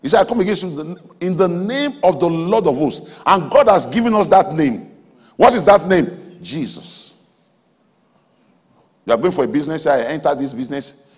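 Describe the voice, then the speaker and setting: A man preaching a sermon in a large auditorium, emphatic, swinging between soft asides and loud exhortation. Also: a little high, animated, fairly quick, breathy edge. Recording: hall reverb from a large auditorium.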